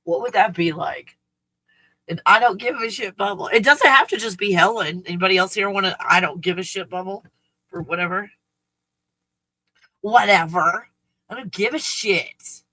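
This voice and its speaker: A woman's voice: mid-range voice, brisk, sharp tone, no room sound, poor audio. A woman hosting a casual live stream from home, blunt and freely swearing, cooing in baby talk at her dog.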